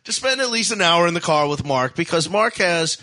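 A man's voice: a little high, lively intonation, a little fast, sharp tone. A man hosting a radio show in a studio, teasing his co-host and egging him on in comic banter. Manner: teasing, eggs others on.

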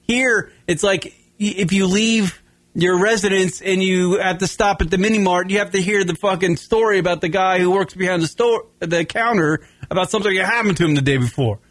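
Male radio host from Long Island, fairly high, profane, rambling, dry studio sound. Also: a little fast, dry recording. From Long Island, New York. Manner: profane, rambling, animated storytelling. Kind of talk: casual comedy radio chat.

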